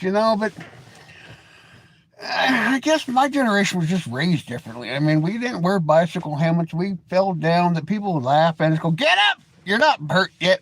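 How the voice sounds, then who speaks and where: A man's voice: sits high, no echo. A middle-aged man hosting a live stream, chatting loosely with folksy, opinionated ranting. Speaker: livestream host. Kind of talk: rambling live stream chat.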